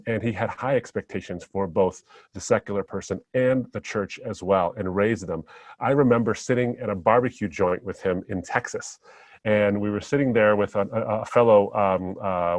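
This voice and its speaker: A man speaking as a guest on a podcast, reflecting on memories and telling stories in a relaxed, anecdotal way. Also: fairly low pitch, normal speed, no echo. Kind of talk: podcast conversation.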